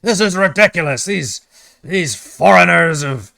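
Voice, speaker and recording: A man's voice: animated, measured pace, creaky, pushed and bright, no room sound, studio quality, exaggerated voice. A man voicing a blustering, indignant male councilman who objects to outsiders. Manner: shrill, indignant protesting.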